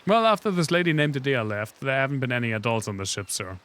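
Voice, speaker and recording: Guy reading as a dutiful young cadet, polite, always saying sir, bright sharp voice. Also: medium pitch, big pitch swings, fast talker. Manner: tacks a polite "sir" onto every line.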